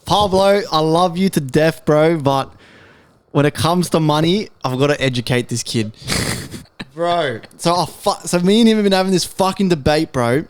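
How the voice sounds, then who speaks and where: A man's voice: on the high side, normal speed, smooth. A young man, co-hosting a podcast and telling stories full of swearing and laughter. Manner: swears constantly, laughs through his stories. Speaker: podcast co-host. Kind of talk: casual chat.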